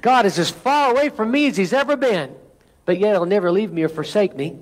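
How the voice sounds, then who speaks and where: A high-voiced man preaches from the pulpit, asking the congregation for amens between lines. He reads scripture with climbing intensity. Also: expressive, fairly quick. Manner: preaching with call-and-response asides. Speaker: pastor. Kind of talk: sermon.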